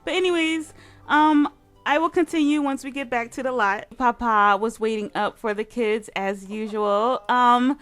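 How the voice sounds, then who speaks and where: A woman with a high voice commenting on her own gameplay in a let's play. She is excitable and full of exclamations, with "like" in nearly every sentence. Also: moderate pace, soft background music. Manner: excitable, exclaiming, heavy use of "like". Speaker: gaming channel host.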